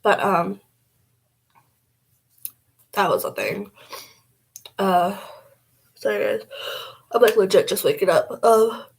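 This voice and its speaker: A woman's voice: medium pitch, slow pace, creaky, long pauses, husky, low-quality recording. A young woman vlogging casually as she does her makeup, blunt and rambling, swearing freely.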